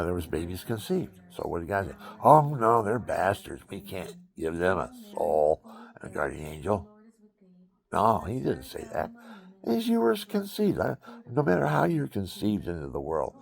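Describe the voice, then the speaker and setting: A man's voice: sits low, gravelly. A man telling rambling, preachy stories and jokes in an offhand monologue. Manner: rambling, joking, preachy storyteller. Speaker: outdoorsman talking to camera.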